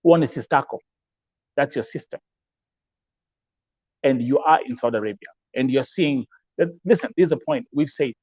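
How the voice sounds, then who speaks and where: A man's voice: mid-range voice, normal speed, pauses often, darkish tone, slightly rough, dry recording, lo-fi sound. A man from Kenya with a Kenyan English accent hosts a live-stream talk show, speaking emphatically, repeating himself, mixing in Swahili phrases and reading out viewer comments.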